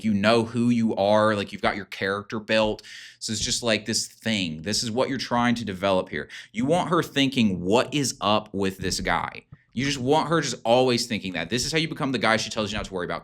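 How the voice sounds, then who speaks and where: A man's voice: on the low side, a bit bright. A man hosting a self-improvement video, talking in a casual, rambling and emphatic way, full of fillers and swearing. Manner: rambling, filler-heavy, profane; emphatic, hyping. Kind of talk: casual unscripted monologue.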